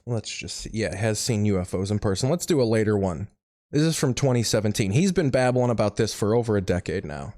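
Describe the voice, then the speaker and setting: A man's voice: on the low side, expressive, brisk, darkish tone, no echo, studio quality. A man hosting a comedy podcast, riffing sarcastically with a lot of swearing. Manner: profane, sarcastic. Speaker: podcast host.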